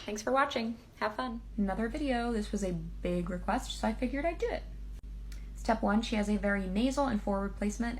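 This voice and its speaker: A woman's voice: mid-range voice, expressive, a little fast, slight background noise. A young woman giving an upbeat, step-by-step vocal tutorial, plainly explaining how to imitate singers. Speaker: singer and impressionist teaching vocal impressions.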